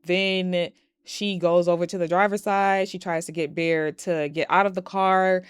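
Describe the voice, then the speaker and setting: A woman's voice: fairly low pitch, fairly even intonation, measured pace, clear, resonant tone, no echo. A woman casually recapping and reviewing a movie, blunt and profane, acting out the characters' lines as she goes.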